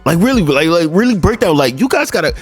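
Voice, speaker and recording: A male host giving slangy, animated reaction commentary, with frequent laughing asides. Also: a little high, fast talker, husky, faint music behind.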